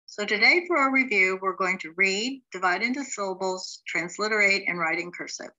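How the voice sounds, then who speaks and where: A middle-aged woman teaching a beginners' language class, sounding out each word syllable by syllable in a steady, instructional way. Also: mid-range voice, normal speed, highs cut off. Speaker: Hebrew teacher.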